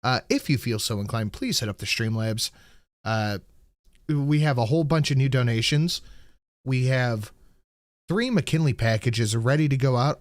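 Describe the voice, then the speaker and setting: A man hosting a casual livestream podcast, blunt and low-key. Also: no echo, clean studio sound. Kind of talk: casual chat.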